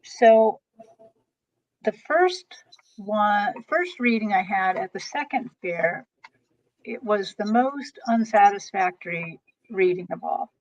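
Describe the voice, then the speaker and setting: A woman guest telling long, animated stories about readings, rambling and restarting as she goes. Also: mid-range voice, takes it slowly. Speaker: guest, tarot reader. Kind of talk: storytelling interview chat. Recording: dull lo-fi recording.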